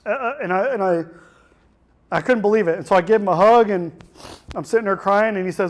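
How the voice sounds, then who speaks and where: Speaking briskly in a high-pitched voice, a young keynote speaker shares a personal story in a conference hall. His telling is raw and emotional, with frequent restarts.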